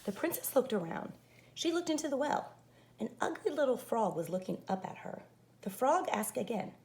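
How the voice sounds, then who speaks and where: A woman teacher reads a fairy tale aloud with a very lively, animated voice. Her tone is fairly high with a creaky edge, and her reading is expressive. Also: normal speed. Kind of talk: storybook read-aloud.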